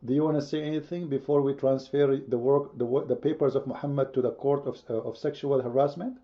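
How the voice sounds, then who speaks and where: This debate host has a mid-range, steady voice and talks briskly while running a heated online debate. He drives his points home with emphasis and repetition and keeps quizzing the audience, on audio with the highs cut off.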